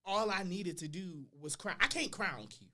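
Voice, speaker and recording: An animated young man chatting as a podcast guest, his slang-filled stories rising loud and falling soft. His voice is bright and sits a little high for a man. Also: normal speed. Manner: animated storytelling with slang, swinging loud and quiet. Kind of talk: casual podcast chat.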